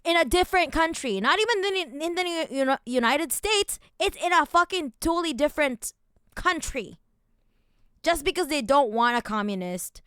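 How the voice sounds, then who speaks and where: A woman streamer reads documents aloud and rants at them, angry and profane. She swings between low muttered reading and loud outbursts, and the recording is dry and studio quality.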